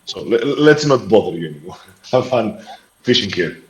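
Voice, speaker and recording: A man's voice: fairly low pitch, very animated, moderate pace, echoey room, poor audio. Joking man playing a tabletop game. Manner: joking, laughs often. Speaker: player. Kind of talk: casual role-play chat.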